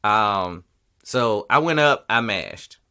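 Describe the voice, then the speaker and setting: A man's voice: lowish voice, animated, slow pace, sharp tone, smooth. A man hosting a podcast, telling a story in casual, profane chat and acting out other people's lines. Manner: profane storytelling, acts out quotes. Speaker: podcast host.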